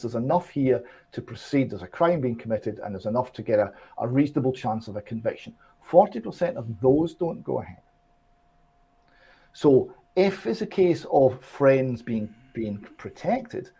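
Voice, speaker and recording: A man's voice: mid-range voice, dark tone, slightly rough. A man on an online discussion show, explaining and building his argument step by step with emphasis. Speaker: political commentator.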